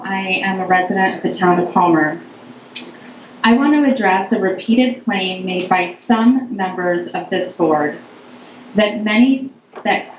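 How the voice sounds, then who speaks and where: A woman making a pointed, measured public comment as a town resident. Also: medium pitch. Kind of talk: reading a prepared public comment. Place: town board meeting room. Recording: echoey meeting room, lo-fi audio, clear background noise.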